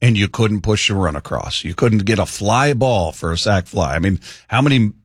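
A male sports radio host chatting about baseball in an animated way, often repeating words. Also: fairly low pitch, moderate pace, breathy edge, no echo, clean studio sound. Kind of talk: sports talk radio chat.

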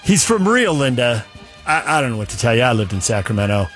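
A man's voice: mid-range voice, sing-song, fairly quick, fairly bright tone, soft background music. A middle-aged man hosting sports talk radio, rambling through opinions and a long story. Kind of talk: casual sports talk monologue.

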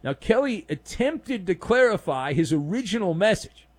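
A man's voice: high voice, very animated, moderate pace, husky. A man hosting a daily sports talk show, delivering a sarcastic, emphatic monologue of opinions.

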